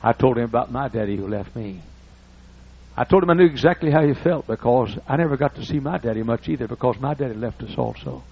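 Gravelly older preacher. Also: male voice, mid-range voice, expressive, fast, slight background noise. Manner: folksy, acts out dialogue in raised voices. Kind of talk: storytelling sermon. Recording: muffled lo-fi recording.

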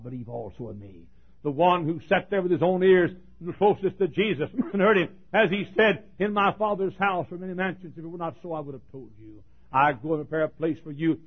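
A man preaching a sermon, swinging from ringing shouts down to near-hushed asides. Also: mid-range voice, husky. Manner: builds to ringing shouts, then drops to a hush. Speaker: pastor. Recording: phone-like narrow band.

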